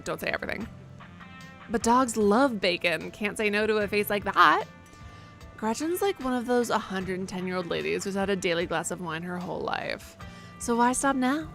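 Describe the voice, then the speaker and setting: A woman's voice: medium pitch, a bit bright. A woman streaming a horror game live, reading the narration aloud and chatting in a playful way.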